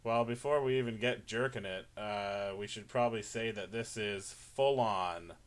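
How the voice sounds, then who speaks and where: A man's voice: on the low side, steady tone, moderate pace, background noise. A man co-hosting a casual chat podcast, joking dryly in loose banter. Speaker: podcast co-host.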